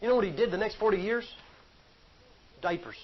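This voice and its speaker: A man delivers a sermon in a folksy, joking, conversational style. His voice sits very high for a man. The recording is dull and lo-fi. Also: a little fast. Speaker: preacher.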